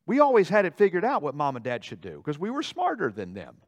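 A male pastor preaching a sermon in a church, animated, swinging between loud dramatic outbursts and quiet asides. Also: a little high, fast, muffled recording. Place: church sanctuary.

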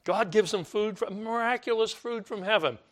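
Older male preacher, slightly high voice. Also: moderate pace, fairly bright tone. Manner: conversational, repeats words for emphasis, mimics complaining voices. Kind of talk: sermon.

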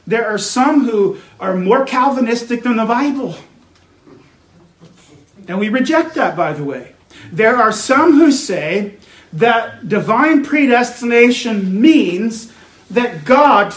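A man's voice: high-pitched, echoey room, rough recording. A man preaching a sermon as pastor, earnest and emphatic, building his points through repeated phrases.

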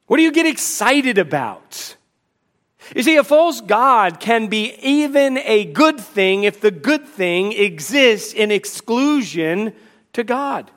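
A man's voice: sits high, very animated, slow, a bit bright. A man preaching a sermon to a congregation, emphatic, asking rhetorical questions and slipping in dry humor. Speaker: pastor.

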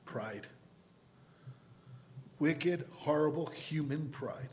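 A man preaching a sermon as pastor, pleading with his listeners and swinging between loud appeals and quiet asides. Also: on the high side, lively intonation, takes it slowly, pauses often, a little hiss or hum. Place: church sanctuary.

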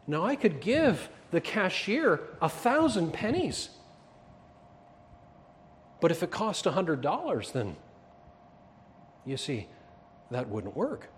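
A man preaching a sermon in a church, emphatic and then dropping to quiet asides. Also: a little high, big pitch swings, takes it slowly, pauses often, a little hiss or hum. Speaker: pastor.

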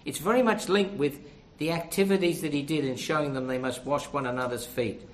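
A man's voice: on the high side, a little fast, echoey room. A man preaching a sermon, earnest and direct, asking his listeners rhetorical questions.

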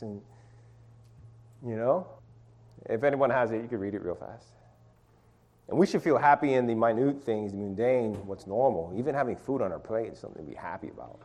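A man's voice: medium pitch, fairly quick, long pauses. Guy preaching casually to a class, voice jumps up and down a lot, keeps asking folks to read verses. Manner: animated, asks listeners to read verses, many restarts. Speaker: preacher leading a Bible study. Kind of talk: informal sermon.

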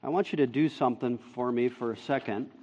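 A man preaching a sermon as pastor, emphatic and building to forceful peaks on key phrases. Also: mid-range voice, quick pace. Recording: dull sound in a large reverberant hall.

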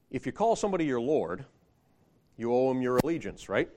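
Preaching in a conversational style, a man with a mid-range, slightly mellow voice speaks fairly quickly in a sing-song way. He frequently asks his listeners rhetorical questions and grows more emphatic when quoting scripture.

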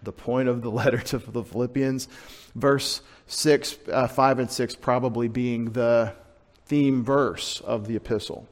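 A man's voice: mid-range voice, fairly even intonation, unhurried. A man preaching a sermon as pastor, conversational and emphatic, often asking the congregation questions.

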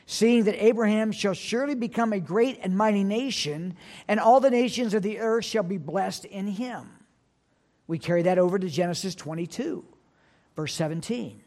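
High-voiced man preaching earnestly. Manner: earnest preaching, reads scripture aloud, slows for emphasis. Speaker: pastor. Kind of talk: sermon.

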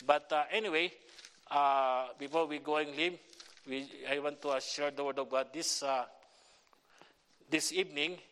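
A middle-aged man with a Filipino accent preaching a sermon in halting English, with many fillers and restarts. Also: a little high, steady tone, fairly bright tone, clean tone. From Philippines. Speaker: visiting pastor. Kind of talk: church sermon and prayer request.

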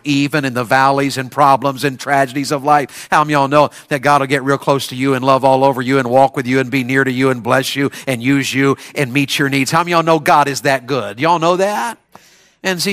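A male preacher delivering a revival sermon, telling folksy stories with restarts and repeated questions that build to high shouted climaxes. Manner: folksy Southern storytelling with restarts.

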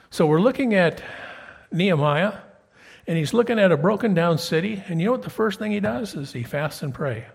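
A man's voice: on the high side, lively intonation, a little fast, vocal fry, breathy edge. A man preaching a sermon, reading King James scripture aloud and asking his congregation questions in a conversational way.

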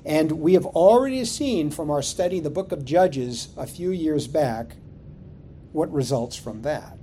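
Brief: male preacher, mellow tone, lively pitch, with rhetorical questions and a faint rumble underneath. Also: measured pace. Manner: expressive, rhetorical, asks questions of the congregation. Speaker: pastor. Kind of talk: sermon.

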